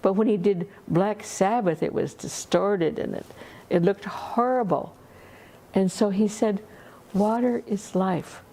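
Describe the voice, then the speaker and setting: A woman telling a story at a festival in an unhurried, conversational way, full of asides. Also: mid-range voice, warm tone. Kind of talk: oral storytelling.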